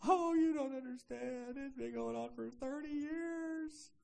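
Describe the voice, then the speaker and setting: A man's voice: very high voice, unhurried, vocal fry, a little mellow, pitched above the performer's own voice, exaggerated voice. A man voicing a self-pitying middle-aged wife who complains in a whiny, helpless way.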